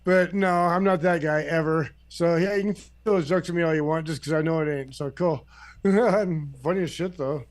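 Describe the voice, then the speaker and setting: Older man, grandfather, casual chat, laid-back, swears freely, slightly high pitch. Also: normal speed, no room sound, studio quality.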